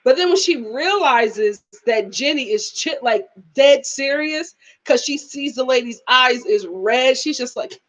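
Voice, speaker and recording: A woman's voice: high voice, expressive, a little slow, a bit bright. A woman doing a live review of a reality TV episode, telling it dramatically and breaking into laughter.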